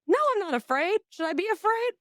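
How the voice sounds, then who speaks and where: A woman, hosting a casual podcast chat, animated, laughing often and swearing casually. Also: extremely high pitch, fast talker, no echo, clean studio sound. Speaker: podcast host.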